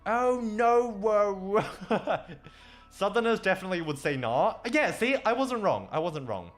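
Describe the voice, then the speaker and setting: A man's voice: high-pitched, very animated, moderate pace, soft background music. A young Australian man chatting casually on a livestream, rambling, swearing and laughing often. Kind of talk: casual chat stream. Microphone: desk microphone.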